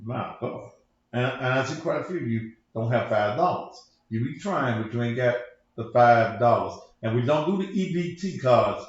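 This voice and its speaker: A man's voice: medium pitch, expressive, normal speed. Male pastor-host, loose profane preacher delivery, very echoey lo-fi recording. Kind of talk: casual livestream talk. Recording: echoey room, dull lo-fi sound.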